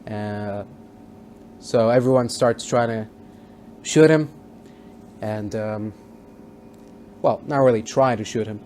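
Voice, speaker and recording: A man's voice: lowish voice, slow pace, pauses often, a little mellow, a little hiss or hum. A man casually recapping a TV episode as a reviewer, rambling with many fillers and restarts. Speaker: TV show reviewer.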